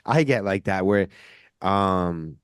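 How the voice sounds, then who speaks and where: A man hosting a casual podcast conversation, rambling with lots of filler words and a loud, forceful voice that can sound like yelling. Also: deep voice, animated, slow pace, clear, resonant tone, no room sound, studio quality. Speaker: podcast host.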